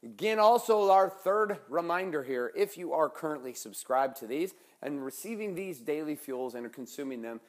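A man's voice: on the high side, lively intonation, normal speed, hardly any pauses, dry recording. A middle-aged man hosting a motivational podcast, talking in an intense, emphatic and blunt way, with some swearing. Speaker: podcast host. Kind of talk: motivational monologue.

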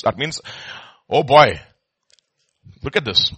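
A man teaching a Bible study, emphatic, repeating words and swinging between soft and loud. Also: a little high, expressive, moderate pace, dry recording.

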